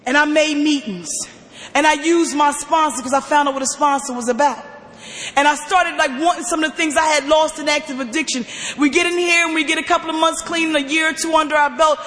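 Forceful woman sharing her story. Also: high voice. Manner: emphatic, often near-shouting, animated storytelling. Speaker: speaker at a recovery meeting. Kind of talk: personal testimony share. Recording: long hall reverb.

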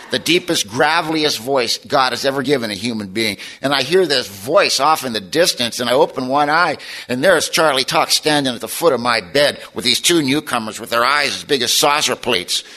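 Bright-toned man telling his story. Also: mid-range voice. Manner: storytelling, intense, drops to quiet emphasis. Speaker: recovery meeting speaker. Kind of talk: personal testimony talk.

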